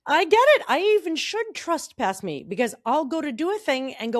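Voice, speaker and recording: A woman's voice: sits high, sing-song, fairly quick, few pauses, no echo, clean studio sound. A middle-aged woman co-hosting a podcast, talking through her thoughts in casual chat. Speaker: podcast co-host.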